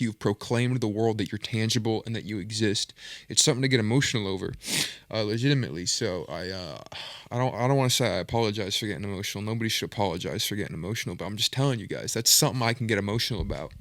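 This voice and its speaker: A man's voice: on the low side, a bit bright, no echo. A man hosting a reaction video, commenting in an earnest, rambling, self-reflective way.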